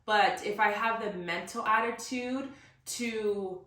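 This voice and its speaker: A woman's voice: medium pitch, slow, pushed and bright. A woman hosting her own podcast alone, talking in an earnest, emotional, motivational way about pushing through hardship. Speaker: podcast host. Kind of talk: emotional solo podcast monologue. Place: room recorded alone. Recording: roomy echo, somewhat far from mic.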